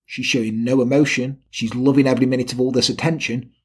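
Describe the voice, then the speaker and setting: A man's voice: mid-range voice, fast talker, slightly rough. A man casually retelling a true-crime story on a podcast, swearing and quoting the people involved. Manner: swearing, animated retelling with quoted voices. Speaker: podcast co-host.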